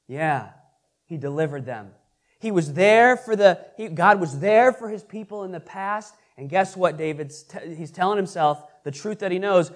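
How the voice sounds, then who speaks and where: A pastor teaching a Bible class speaks in a high, earnest voice with lively intonation. He pauses to ask the listeners questions, tripping over repeated words and restarting, and his emphasis rises whenever he reads scripture aloud.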